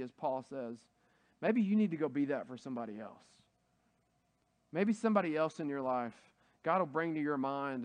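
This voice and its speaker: A pastor with a high-pitched voice delivers a sermon in a relaxed, chatty way, stumbling through restarts and fillers. When he retells a story he gets loud and excited. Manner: casual, conversational preaching with many fillers.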